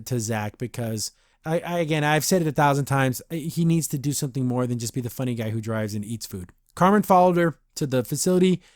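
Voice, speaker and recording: A man hosts a podcast, recapping a cartoon episode in a loose, chatty, rambling way and briefly doing the characters' voices. His voice is mid-range and a little mellow, recorded at studio quality with no echo.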